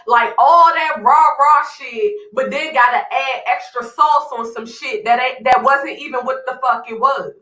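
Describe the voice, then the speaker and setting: A woman's voice: on the high side, bright, forceful tone, roomy sound, poor audio. A woman hosting a livestream, ranting in a heated, profane way and talking straight to her chat. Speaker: live stream host.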